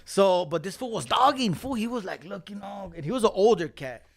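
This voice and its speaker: A man tells a story in relaxed, slang-heavy talk, full of swearing. His voice sits a little high for a man and has a gravelly, fry-laced edge. When he acts out the other people in the story, he gets animated. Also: a little fast. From Los Angeles County. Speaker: podcast guest. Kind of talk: casual storytelling.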